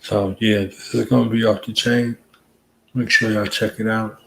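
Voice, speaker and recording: A man's voice: lowish voice, level tone, moderate pace, vocal fry, low-quality recording. A man hosting a casual late-night livestream chat, joking around in a playful, laid-back way. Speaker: host.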